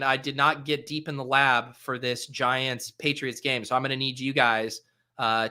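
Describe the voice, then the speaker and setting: A man hosting a casual solo recap, chatty and upbeat, with frequent "uh" fillers and quick self-corrections. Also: mid-range voice, pushed and bright. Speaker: fantasy sports host.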